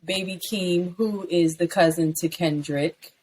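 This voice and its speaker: A woman co-hosting a podcast in casual chat, animated and rambling, swearing freely and jumping up high when she riffs. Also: measured pace, husky. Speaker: podcast co-host.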